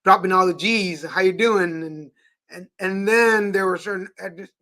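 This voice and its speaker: A man hosts a casual live-stream chat with a bright, forceful tone. He tells stories in an animated, playful way. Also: high-pitched, moderate pace. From Texas. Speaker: host.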